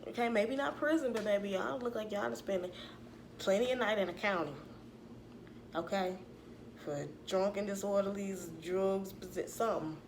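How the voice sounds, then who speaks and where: A woman, giving a sassy, animated recap of a reality show in casual commentary. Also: mid-range voice, moderate pace, slight background noise. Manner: sassy, animated retelling with acted-out quotes.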